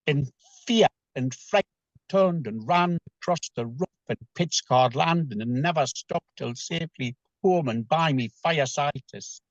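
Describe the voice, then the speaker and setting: A man with a Northeast English accent reciting a dialect poem at an open mic in a quiet, measured way, on a dull online call. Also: on the high side, no echo. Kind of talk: poetry reading in dialect.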